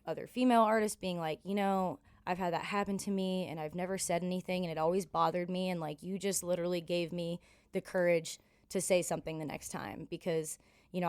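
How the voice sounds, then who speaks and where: In a casual podcast interview, a woman from Canada in her thirties, a country singer, swaps road stories with profane candor, acting out each character's lines with animation. Her fairly low voice is clear and resonant, recorded dry.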